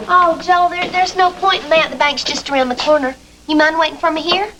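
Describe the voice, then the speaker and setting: An actress playing a teasing, warm-hearted woman with a high voice. Hiss and noise sit on this old TV soap recording. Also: fairly even intonation, a little fast, natural voice. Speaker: office worker closing up. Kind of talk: 1980s TV soap acting.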